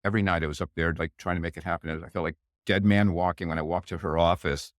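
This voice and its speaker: An older man telling a long anecdote in casual chat, lively and acting out the voices of the people in his story. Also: sits low, quick pace, no room sound, clean studio sound. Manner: animated anecdote teller, acts out quoted voices. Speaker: guest.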